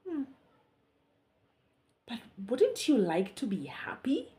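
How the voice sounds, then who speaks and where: A woman voicing a cheerful, sunny little character in a children's story, asking questions brightly. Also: fairly high pitch, wildly swooping pitch, unhurried, voice pushed up. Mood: puzzled.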